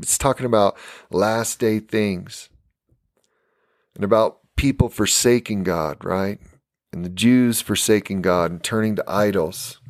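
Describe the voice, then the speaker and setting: A man's voice: on the low side, unhurried, no room sound, studio quality. An American man preaching a fiery live-stream sermon for his podcast, emphatic and tired. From United States.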